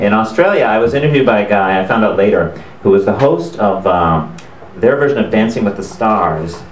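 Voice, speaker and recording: A man, an author, telling an anecdote to a live audience in a chatty, amused way, laughing as he goes. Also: medium pitch. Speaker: author promoting his book. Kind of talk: storytelling talk to a live audience. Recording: roomy hall sound.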